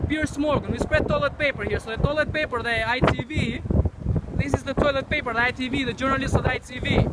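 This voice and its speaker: High-voiced man ranting in the wind. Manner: repetitive, declamatory ranting. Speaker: street protester. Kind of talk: outdoor protest speech. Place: outdoors on a windy street. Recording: loud wind noise on an outdoor mic.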